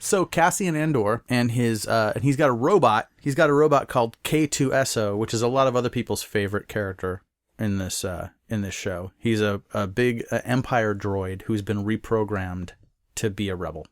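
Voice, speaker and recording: A man's voice: fairly low pitch, normal speed, dry recording, clean studio sound. A man co-hosting a podcast, rambling through a casual film review chat with many restarts. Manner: rambling, restarts and retells plot. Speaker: podcast co-host.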